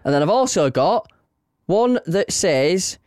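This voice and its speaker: Easygoing guy, animated pitch. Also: takes it slowly, no room sound. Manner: easygoing, rambling, laughs along. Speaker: podcast co-host. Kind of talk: casual chat.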